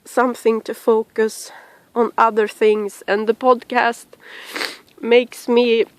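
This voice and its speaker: Tearful woman podcaster, halting delivery, unhurried pace, dry sound. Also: a little high, level tone, no echo. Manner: halting, with sighs and restarts. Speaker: podcaster addressing her listeners. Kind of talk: personal message to camera. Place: at home.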